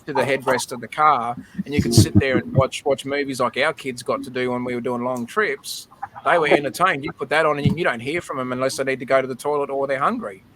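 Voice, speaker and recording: A man's voice: medium pitch, noisy background. A middle-aged Australian man on a video call, telling a nostalgic, emotional story in a chatty way with lots of fillers. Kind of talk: casual storytelling.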